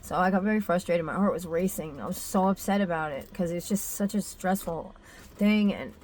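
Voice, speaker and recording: Woman with a lowish voice confiding candidly. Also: normal speed, darkish tone, a little hiss or hum. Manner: confessional and emotional, with many fillers and restarts. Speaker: mother sharing a personal story. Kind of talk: candid personal vlog.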